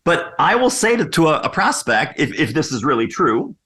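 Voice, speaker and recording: A man speaks with a bright, forceful tone and a slightly high voice, swooping up and down as he acts out the lines he recommends. He sounds energetic and confident, coaching like a seasoned sales expert. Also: moderate pace. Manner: energetic, acts out quoted questions in lively voices. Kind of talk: animated podcast interview.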